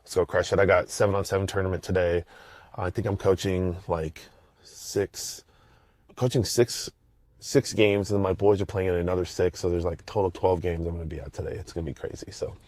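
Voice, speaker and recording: A man's voice: deep voice, fairly even intonation, fairly quick, darkish tone, no echo. A middle-aged man hosting a casual solo podcast, rambling in slangy talk with many restarts and fillers. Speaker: podcast host.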